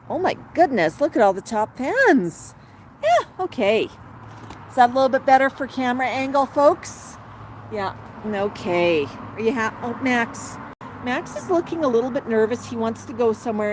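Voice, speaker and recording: A woman's voice: on the high side, a little mellow, a little hiss or hum, low-quality recording. A woman hosting a casual livestream on an outdoor patio, chatting to her pet bird and her viewers by turns. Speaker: parrot channel host.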